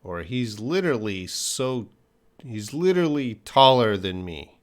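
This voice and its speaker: A man answering viewers' English questions in a live-stream lesson. He explains patiently, with pauses and restarts. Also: medium pitch, sing-song. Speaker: English teacher.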